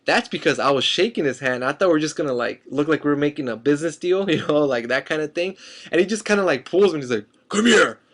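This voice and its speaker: A young man telling an excited, rambling story to his vlog viewers about meeting someone he admires. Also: fairly high pitch, fast. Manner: excited, rambling, many fillers and restarts. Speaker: fan vlogger.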